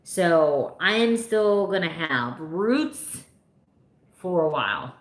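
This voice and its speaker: A woman's voice: lowish voice, big pitch swings, slow pace. A woman in her fifties chatting casually with her live viewers, rambling a little and laughing often. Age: 50s. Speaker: vlogger answering live chat. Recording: echoey room.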